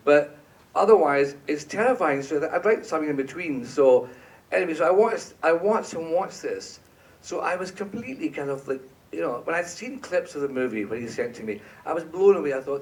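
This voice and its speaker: Animated man telling a lively anecdote. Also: a little high, brisk, distant mic. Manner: animated, laughing, acts out quotes. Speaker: film composer, panel guest. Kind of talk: anecdotal storytelling on stage. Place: stage at an awards event.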